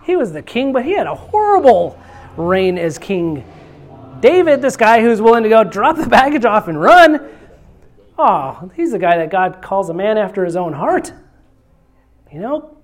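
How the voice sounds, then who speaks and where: A woman preaching a conversational sermon. She keeps asking the congregation questions, tags her points with "right?" and "you know?", and repeats key lines slowly and softly to drive them home. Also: medium pitch, very animated. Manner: asks the congregation rhetorical questions; repeats key phrases, slowing and softening to stress them.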